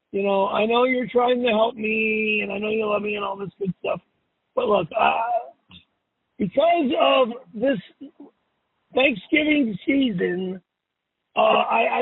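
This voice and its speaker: A man's voice: sits high, creaky, slightly rough. A man leaving an angry, profane voicemail from his car, cursing and repeating himself. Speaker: show host. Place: driving in a car. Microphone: phone. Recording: tinny phone voicemail.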